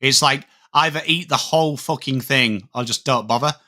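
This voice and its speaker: A man on a live stream, chatting with viewers and calling the game, with excited outbursts on big plays. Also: medium pitch, normal speed. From England. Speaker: watchalong streamer. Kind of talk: live game commentary mixed with chat.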